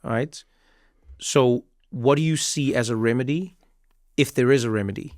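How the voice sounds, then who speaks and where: A man's voice: mid-range voice, normal speed, no echo. Inquisitive male host, dry mic. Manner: inquisitive, asks follow-up questions. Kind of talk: interview conversation.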